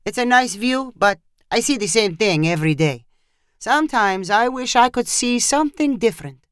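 A brisk male ranch guide who barks cheerful orders at a group of riders, as a storyteller puts him on. The voice is pitched higher and louder than the narration. The recording is dry and close, in the manner of a storybook reading. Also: lively intonation, clean tone, dry recording, natural voice. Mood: wistful. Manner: loud, bossy, upbeat.

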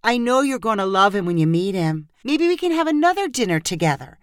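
A woman voicing a timid young woman confessing a secret, speaking weakly in a raised pitch. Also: big pitch swings, brisk, clear, resonant tone, no echo, clean studio sound, lightly acted. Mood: sheepish. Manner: weak, hesitant. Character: shy, sheepish young woman friend.

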